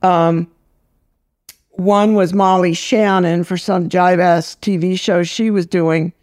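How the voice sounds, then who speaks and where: An older woman film director, a guest in a casual interview, tells stories bluntly with salty language and laughs. Her voice sits on the low side, steady and a little mellow, and she takes it slowly. The recording is studio quality with no echo.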